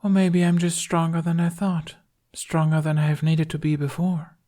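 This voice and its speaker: A man's voice: on the high side, normal speed, pitched above the performer's own voice, close to an everyday voice. A man voicing an airy, cold ice queen. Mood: musing. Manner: calm, musing, quietly menacing. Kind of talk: fan fiction audiobook reading.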